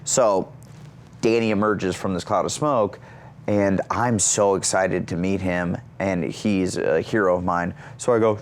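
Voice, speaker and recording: A man in his thirties, an actor and comedian, telling stories in an interview with lots of energy and self-mockery, jumping up high for quoted lines. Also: moderate pace. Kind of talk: animated storytelling in an interview.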